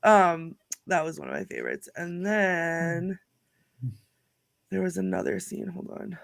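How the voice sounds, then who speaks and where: A woman co-hosting a casual podcast chat about a film, telling scenes in an animated way and laughing often. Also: on the low side, unhurried, creaky, no room sound. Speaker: podcast co-host.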